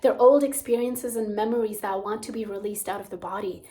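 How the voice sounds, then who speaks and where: A young woman hosting a gentle teaching talk on emotional healing, soft-spoken and slipping into near whispers. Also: medium pitch, steady tone, brisk. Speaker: spiritual coach and channel host.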